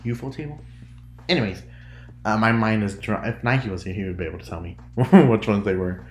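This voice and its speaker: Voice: low voice, a little fast, roomy sound. A podcast host from the United States chatting casually and rambling, often breaking off to giggle. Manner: rambling, giggly, self-interrupting. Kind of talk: casual solo podcast chat.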